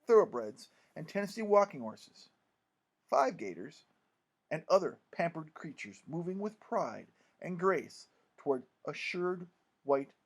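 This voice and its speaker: A man reads a memoir-style story aloud as an audiobook narrator. His delivery is lively and expressive, carried by a fairly high voice. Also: measured pace.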